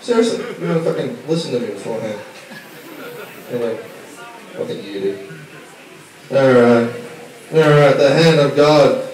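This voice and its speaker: A man from Australia doing a stand-up routine, brash and sweary, teasing the crowd. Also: mid-range voice. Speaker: stand-up comedian. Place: small comedy bar. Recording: echoey club from far off, crowd laughter.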